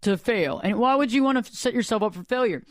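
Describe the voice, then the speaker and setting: A man hosting a radio show, telling a story in a rambling, animated, dramatic way. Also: sits high, fast, no echo, studio quality. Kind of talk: casual storytelling chat. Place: radio studio.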